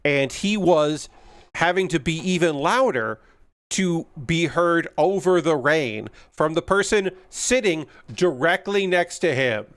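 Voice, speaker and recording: A man's voice: fairly high pitch, fairly bright tone. A man hosting a live stream, telling rambling stories with plenty of ums and uhs. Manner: rambling, anecdotal, frequent fillers. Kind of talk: casual storytelling on a live stream.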